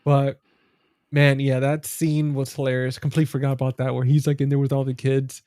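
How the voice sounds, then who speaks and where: A man co-hosting a movie podcast in casual chat, excitably retelling funny scenes. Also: mid-range voice, brisk, no room sound. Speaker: podcast co-host.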